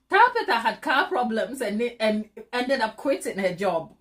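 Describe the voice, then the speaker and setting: Lively, teasing woman host chatting. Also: a little high, normal speed, hardly any pauses. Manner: chatty, teasing, laughs often. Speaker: baking channel host. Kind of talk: live-stream chat with viewers while decorating.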